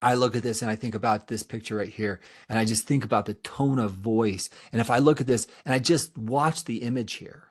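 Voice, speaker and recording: A man's voice: mid-range voice, fairly quick, hardly any pauses, breathy edge. A middle-aged man, a therapist, giving an earnest webinar presentation with emphatic repetition and answering audience questions.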